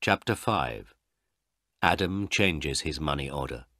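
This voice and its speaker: A man reading a storybook for learners in a slow, clear, careful way. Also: extremely low pitch, expressive, bright, forceful tone, no room sound, studio quality. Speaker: reader.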